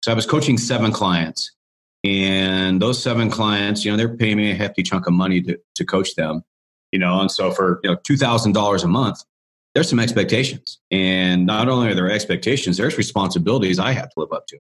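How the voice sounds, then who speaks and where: A man with a somewhat low voice speaks as a guest coach in an interview. He tells his story casually, wandering and restarting often in a friendly, talkative way. The delivery stays loose and conversational. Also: brisk, a bit bright. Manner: rambling, chatty, with many restarts and "you know".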